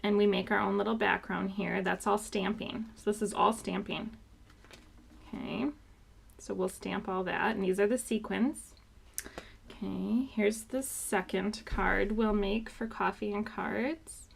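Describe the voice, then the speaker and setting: A woman's voice: mid-range voice, fairly even intonation, unhurried, creaky, slightly rough. A woman hosting a live card-making class, chatting casually and showing each sample card. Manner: chatty, upbeat, loose with fillers. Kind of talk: live craft class walkthrough.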